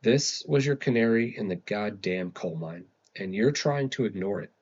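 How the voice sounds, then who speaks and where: A man's voice: on the low side, expressive, normal speed, darkish tone, slightly rough, lo-fi sound. A man reading aloud and voicing an angry, strict middle-aged father scolding his daughter in a storybook. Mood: stern. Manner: stern and scolding.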